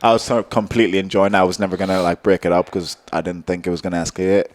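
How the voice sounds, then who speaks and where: A man's voice: low voice, little pitch movement, very fast. A young man co-hosting a podcast, telling a story in a laid-back way and laughing often as he goes. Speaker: podcast co-host. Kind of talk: casual chat.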